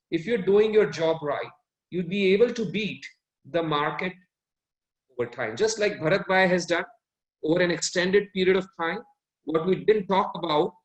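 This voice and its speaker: Man, fund manager on a panel, high voice, analytical, roomy echo. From India. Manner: analytical, self-correcting mid-sentence. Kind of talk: explanatory panel talk.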